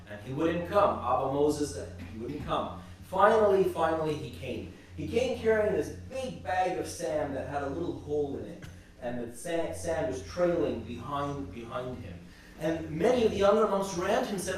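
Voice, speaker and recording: Man, church class storyteller, halting, repeats words, booming church echo, faint room hum. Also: expressive. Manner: halting, repeats words while retelling stories. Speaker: church teacher. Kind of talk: storytelling religious class talk. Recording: very echoey church from a distance.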